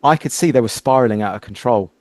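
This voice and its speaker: A man hosting a casual interview, animated as he tells stories and acts out quoted exchanges. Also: medium pitch, fast, no room sound. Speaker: podcast host.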